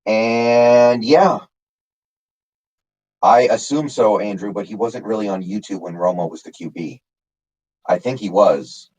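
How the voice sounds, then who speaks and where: A man's voice: lowish voice, measured pace, long pauses, a little mellow, muffled recording. A man casually chatting on his live stream, answering chat by name with lots of fillers. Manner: rambling, reads chat names, many fillers.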